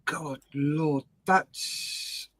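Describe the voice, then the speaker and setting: Man, co-host, chatty quick reactions, high voice. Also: a bit bright, no echo. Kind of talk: casual chat.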